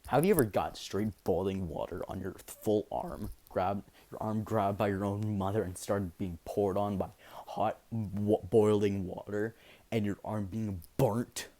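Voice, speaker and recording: A man voicing a scarred, bitter teenage hero boy in a halting, hesitant way. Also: fairly low pitch, warm tone, close to an everyday voice. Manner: halting, hesitant delivery with fillers.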